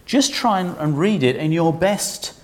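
A man's voice: on the high side, lively intonation, measured pace. A man preaching a sermon in a conversational, humorous way, asking his congregation questions.

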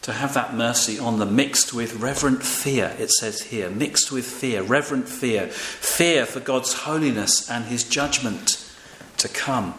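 Speaking at a measured pace with few pauses, an older man preaches in a medium-pitched, fairly bright voice. He keeps a casual, conversational style with fillers and regular requests for listeners to respond, in an echoey room with faint ambient noise.

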